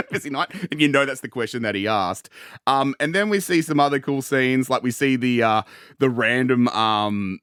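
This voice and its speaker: A man's voice: mid-range voice, normal speed, clean tone, no room sound, studio quality. Laughing Australian man chatting casually. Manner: laughs often, animated. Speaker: podcast host. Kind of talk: casual chat.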